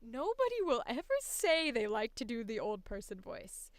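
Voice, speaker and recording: A woman voice actor in a casual, animated chat about voice acting, laughing often as she talks. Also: fairly high pitch, moderate pace, noisy background.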